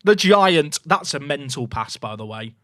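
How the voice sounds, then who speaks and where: A young man streaming a football management game, talking to his chat in an excitable, jokey way that swings from loud cheering to muttered asides. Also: on the high side, a little slow, no room sound, studio quality. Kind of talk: live gameplay commentary to chat.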